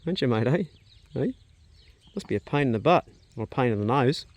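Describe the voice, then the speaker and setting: A man's voice: medium pitch, lively intonation, a little fast. A man with a New Zealand accent chatting casually as he walks around his rural homestead, filming on a handheld camera. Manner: chatty, matter-of-fact, casual swearing. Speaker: vlogger. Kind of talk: casual narration while working outdoors.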